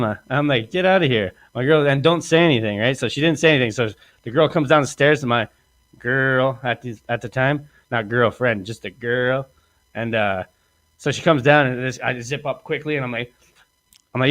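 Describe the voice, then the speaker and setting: A man's voice: mid-range voice, normal speed, a bit bright, dry recording. A man hosting a podcast, telling a crude comic story in a rambling way and laughing often. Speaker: podcast host.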